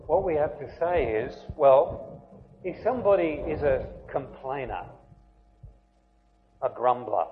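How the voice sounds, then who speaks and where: A man preaching a conversational sermon who keeps asking his listeners questions. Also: a little high. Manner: conversational, asks the congregation questions. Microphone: writes on a board while preaching. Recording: tinny phone-like band, faint noise.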